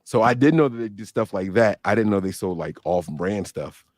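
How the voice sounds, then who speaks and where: A man's voice: lowish voice, lively intonation, moderate pace, a little mellow, no echo, clean studio sound. A man in his thirties, co-hosting a podcast in loose, joking, slangy chat. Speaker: podcast co-host. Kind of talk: casual livestream chat.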